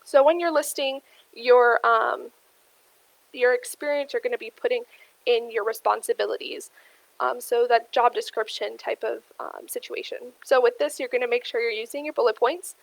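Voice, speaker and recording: A woman's voice: a little high, fairly even intonation, normal speed, creaky, no room sound, poor audio. A young adult woman giving an instructional talk, explaining steadily with frequent ums and addressing the listeners as "you guys". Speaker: career workshop presenter. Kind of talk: instructional presentation.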